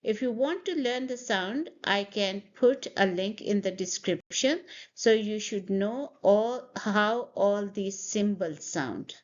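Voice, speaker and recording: Woman, pronunciation teacher, very slow and deliberate, repeats each word, dull lo-fi sound. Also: medium pitch. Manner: slow, repeats words for students to copy. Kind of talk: pronunciation lesson. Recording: dull lo-fi audio.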